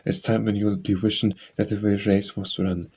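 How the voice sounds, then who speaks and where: A man's voice: lowish voice, level tone, normal speed, a little mellow, husky. A man reading poems aloud for an audiobook, reciting dialect verse in a rhythmic sing-song. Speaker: audiobook reader.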